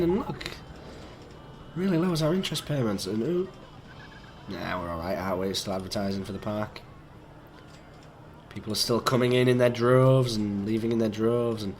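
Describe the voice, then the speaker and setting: Croaky, sick young man. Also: on the low side, darkish tone, slight background noise. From England. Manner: rambling, chatty, easygoing. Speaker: gaming YouTuber. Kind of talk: rambling let's-play commentary.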